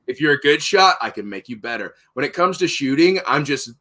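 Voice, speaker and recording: A young man hosting a podcast, telling a profane, animated story in casual chat. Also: medium pitch, brisk. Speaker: podcast host.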